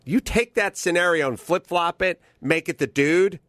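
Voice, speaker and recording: A man's voice: high voice, moderate pace, dry recording, studio quality. A man telling stories in a casual, profane comedic rant as a podcast host. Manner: profane, animated storytelling, swaps into voices for quotes.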